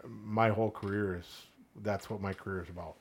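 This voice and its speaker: A man's voice: fairly low pitch, steady tone, moderate pace, vocal fry, slightly rough. A man speaking as a podcast guest, earnest and plain-spoken, telling a story and acting out the lines of its characters. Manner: earnest, storytelling with quoted voices. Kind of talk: casual podcast conversation.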